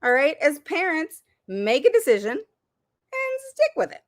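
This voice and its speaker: A woman's voice: sits high, huge pitch swings, measured pace. Casting note: woman host, parent advocate, emphatic and repetitive, casual livestream advice. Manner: emphatic, repeats words for stress.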